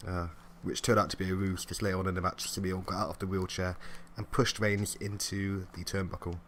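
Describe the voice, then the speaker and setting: A young man with a very low voice, recapping wrestling with a co-host in loose, chatty fashion. He laughs a lot and slips into quick impressions of the people he talks about, with a faint hiss under the recording. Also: flat delivery, fairly bright tone. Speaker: podcast co-host. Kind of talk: casual wrestling review chat.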